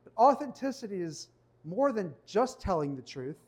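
A male pastor giving a conversational sermon in church, slowing down to read scripture. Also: high voice, sing-song, a little mellow, breathy edge. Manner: conversational preaching, reads scripture slowly.

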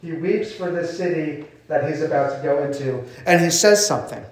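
Guy preaching, kinda high voice, big echoey church room, mic a bit far off. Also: normal speed. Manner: explains scripture in a casual, conversational way with rhetorical questions. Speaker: pastor. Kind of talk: sermon.

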